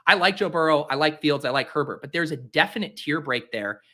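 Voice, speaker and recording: A man's voice: on the high side, expressive, a little fast, sharp tone. A young man hosting a fantasy football show, chatting casually and theatrically mocking himself in exasperation. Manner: theatrical, exasperated self-mockery. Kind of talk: casual solo commentary while drafting.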